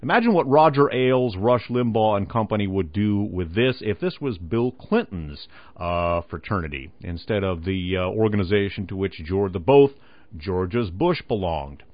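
A man's voice: on the low side, animated, no room sound. Male radio host, emphatic article reader, dry studio sound. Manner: measured, emphatic reading with asides. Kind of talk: reading a news article on air with commentary. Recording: dull lo-fi radio broadcast.

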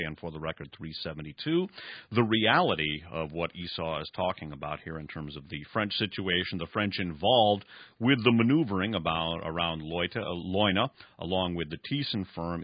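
Low-pitched and filler-heavy, this male radio host talks at length on his program, reading material and adding his own commentary. The sound is dry, dull and lo-fi, as from a radio broadcast.

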